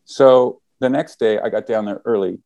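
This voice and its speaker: A man's voice: fairly low pitch, moderate pace, creaky, dark tone, dry recording. A man casually telling a story, acting out the quoted lines as he goes.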